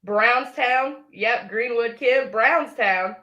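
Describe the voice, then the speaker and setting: Woman, bright edgy tone, heated livestream, brash and threatening. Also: mid-range voice, animated, moderate pace. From Indiana, United States. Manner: brash, threatening, sassy trash talk. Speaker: livestream caller.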